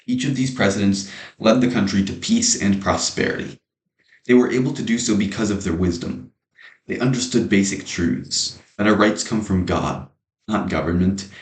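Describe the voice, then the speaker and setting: Deep-voiced man giving an earnest speech. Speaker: speaker giving a prepared speech. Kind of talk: prepared persuasive speech. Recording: echoey room.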